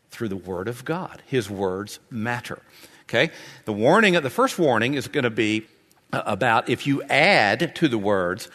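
Low-voiced male pastor in a reverberant church. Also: fairly bright tone. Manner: conversational, repeats himself and restarts phrases. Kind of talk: sermon. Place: church sanctuary.

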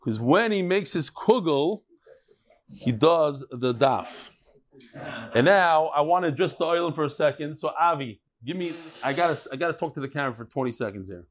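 Man leading a Talmud class. Fairly high voice, energetic and chatty, works a room full of guests. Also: normal speed. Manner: reads emails aloud in a playful tone. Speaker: Talmud teacher. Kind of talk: lively greetings before a daily Talmud class.

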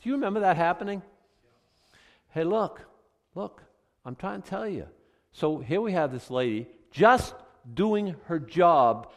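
A male pastor giving a conversational sermon, animated and chatty, full of rhetorical questions, in a church sanctuary. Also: a little high. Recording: long reverb from a hall.

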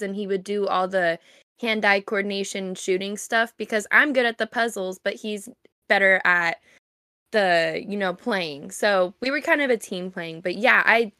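A woman's voice: mid-range voice, sharp tone, no room sound, studio quality. A young woman co-hosting a podcast in casual chat, making sarcastic jokes and recommendations. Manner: joking, sarcastic asides. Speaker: podcast co-host.

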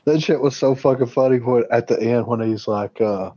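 A man's voice: mid-range voice, normal speed, mellow, no room sound. Brief: man, easygoing co-host, frequent laughs, dry and a bit muffled. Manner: laughs often, loose and profane. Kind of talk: casual movie chat.

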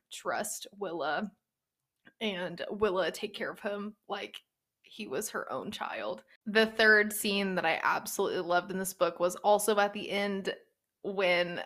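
A young woman talks through her book picks in a relaxed, chatty way, her voice at an ordinary middle pitch. She gets animated as she retells scenes and drops into the characters' voices for a line or two. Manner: chatty, animated, acts out characters' lines in quick asides. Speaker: book reviewer. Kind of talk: casual book recommendation chat.

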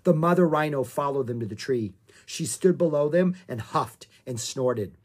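A storyteller reading a children's chapter book aloud, the voice moving in a lively, animated way. The delivery is expressive and sits at a middle pitch. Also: normal speed. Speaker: audiobook narrator.

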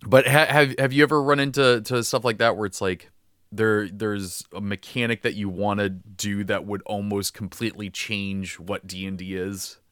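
A man's voice: on the low side, little pitch movement, normal speed, fairly bright tone, clear, resonant tone, no echo, studio quality. A young man co-hosting a casual podcast chat about tabletop games, laughing often and restarting sentences. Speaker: podcast co-host.

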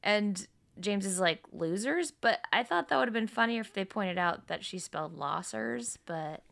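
A woman's voice: medium pitch, moderate pace, vocal fry, fairly bright tone. A woman co-hosting a podcast, chatting casually and laughing as she recounts a movie's plot. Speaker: podcast co-host. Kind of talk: casual movie recap chat.

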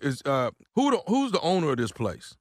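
A man's voice: fairly high pitch, wildly swooping pitch, normal speed, no echo, studio quality. A man calling in angrily, blustering and repeating the same complaint over and over. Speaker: angry caller. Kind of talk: ranting phone call.

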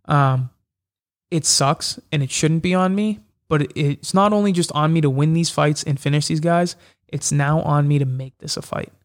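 Young fighter dude telling fight stories, kinda high voice, acts out all the back and forth. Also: male voice, normal speed. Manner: animated, acts out quoted exchanges. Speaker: MMA fighter guest. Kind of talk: casual storytelling interview.

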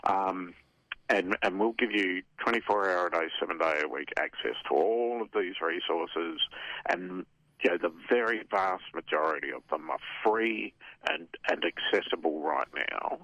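A man's voice: sits low, moderate pace, a bit bright, no room sound. A man, a guest speaking by phone on a radio show, explaining earnestly and reassuringly. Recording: dull lo-fi phone line.

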